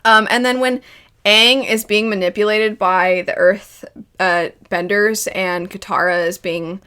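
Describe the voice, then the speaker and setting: A woman in the middle of her range talks through a cartoon series in a loose, chatty commentary. She is animated and emotional as she goes, and she laughs often. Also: medium pitch, unhurried, clear, resonant tone. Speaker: video host reviewing a cartoon series. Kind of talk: casual reaction commentary.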